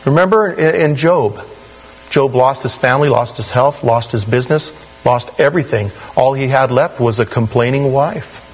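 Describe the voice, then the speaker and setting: A man preaching a sermon in a conversational, animated way, with sudden rises in pitch. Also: normal speed, low-quality recording. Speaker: pastor.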